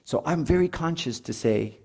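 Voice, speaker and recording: This middle-aged speaker at a marriage retreat has a slightly high, darkish voice, animated and at normal speed. His sermon to parents is informal and conversational, with frequent "right?" and acted-out moments between parents and children.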